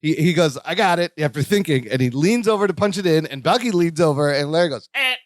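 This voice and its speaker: A man's voice: fairly high pitch, fast talker, no room sound, studio quality. A man co-hosting a podcast, casually recapping a sitcom episode and acting out the characters' lines as he goes. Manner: animated, acts out characters' lines while retelling scenes. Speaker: podcast co-host.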